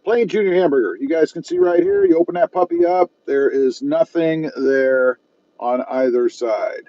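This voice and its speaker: Parked at a fast-food place, a South Texas man hosting a car channel eats while chatting on a live stream and reading out the live chat, easygoing and poking fun at himself. His voice is fairly high and sing-song at a normal speed, with no room sound and dull audio.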